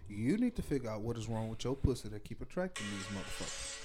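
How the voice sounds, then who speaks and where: A man's voice: on the low side, very animated, fast, a little mellow, soft background music. Profane man lecturing on a podcast. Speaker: podcast co-host. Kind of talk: casual podcast chat.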